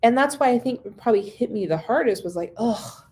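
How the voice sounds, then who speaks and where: A woman's voice: on the high side, expressive, fast, heavy background noise. A woman business owner speaking frankly in a casual monologue, swearing freely as she recounts her work experiences. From based in San Diego. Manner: frank, swears freely, acts out past conversations. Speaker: business owner and social media consultant.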